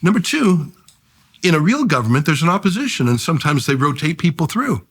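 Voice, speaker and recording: Man, interview guest, husky voice, lively swooping pitch, wry punchy delivery. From Canada. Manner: quick, wry and punchy, with jokes and deadpan asides. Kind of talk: conversational interview.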